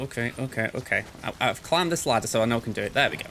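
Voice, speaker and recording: A man talks through his gameplay in a relaxed, rambling way, thinking out loud and joking at his own expense. His voice sits in an ordinary middle pitch. A faint hum of noise runs under the recording. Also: very fast. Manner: chatty, thinks aloud; playful, self-described goofball. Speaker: let's play host. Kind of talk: gameplay commentary.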